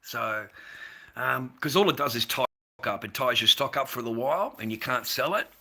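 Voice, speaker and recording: An Australian man in middle age chats on his livestream in a bright, forward voice. He rambles, repeats his points, and drops in mate and the odd swear word. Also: medium pitch, a little fast. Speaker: livestreamer selling handmade masks. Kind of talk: casual livestream chat.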